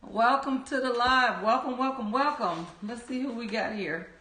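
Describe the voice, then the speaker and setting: Reading chat comments aloud and happily welcoming viewers by name, a female livestream host speaks at normal speed in a slightly high, bright, forceful voice. The mood is upbeat and cheering, and the recording has an echoey room sound.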